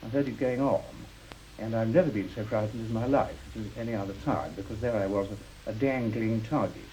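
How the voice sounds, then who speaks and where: Older guy telling his war story, low mellow voice, lots of uhs, very understated. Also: fairly even intonation, a little hiss or hum, rough recording. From Britain. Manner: understated, halting, with many uhs. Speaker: interviewee, war veteran. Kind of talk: personal recollection.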